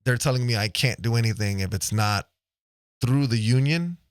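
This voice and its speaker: A man's voice: medium pitch, moderate pace, smooth, no echo, clean studio sound. A man hosting a podcast in casual chat, talking loosely with a lot of "right?" checks and the odd swear word. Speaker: podcast host. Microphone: studio microphone, close.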